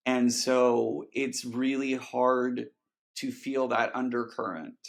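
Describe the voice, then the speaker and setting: Male podcast guest, slow and gravelly, candid and heartfelt, halting delivery. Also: mid-range voice. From Texas. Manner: earnest, emotional, halting with restarts. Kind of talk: candid conversational interview.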